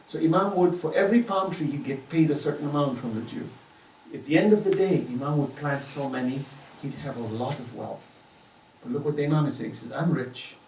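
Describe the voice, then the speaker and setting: Speaking fairly quickly in a fairly high, darkish voice, a middle-aged man gives a fervent religious talk inside a private home. He hammers his arguments with emphatic questions that rise at the end. A little hiss or hum is audible, and the distant mic picks up a roomy echo.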